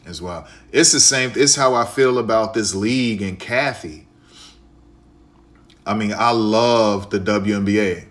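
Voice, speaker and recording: A man's voice: on the low side, a little slow, fairly bright tone. Preachy male streamer talking to chat. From Chicago. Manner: repetitive, preachy, addresses viewers as y'all. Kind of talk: casual live-stream talk to chat.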